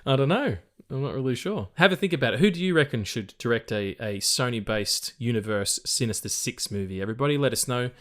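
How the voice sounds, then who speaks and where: A man's voice: medium pitch, lively intonation, fast, few pauses, fairly bright tone. A man hosting a casual film podcast, chatty and swearing freely as he reads out trivia. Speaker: podcast host.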